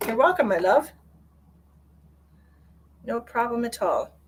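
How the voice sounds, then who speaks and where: A woman's voice: a little high, expressive, slow pace, breathy edge. A woman hosting a live psychic reading stream, chatting casually with viewers and calling them by pet names.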